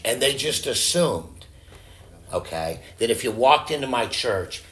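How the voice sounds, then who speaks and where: Male pastor, low voice, casual storytelling sermon with restarts, faint room hum. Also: fairly bright tone. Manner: conversational, with frequent restarts.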